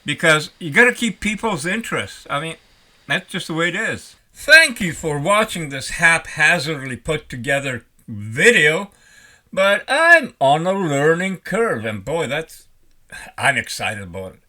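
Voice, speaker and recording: A retired older man rambling in a folksy, animated way as he talks to his vlog audience. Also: a little high, a little slow. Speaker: vlogger. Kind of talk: casual vlog talk.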